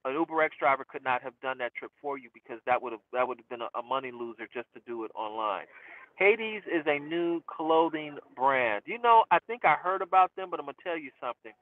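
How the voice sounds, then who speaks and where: A man's voice: medium pitch, expressive, brisk, no echo. A man who hosts a rideshare channel, chatting casually to camera and answering viewer questions in a self-amused way, trailing off with fillers. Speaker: rideshare driver and channel host. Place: inside a car. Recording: dry, tinny phone-like sound.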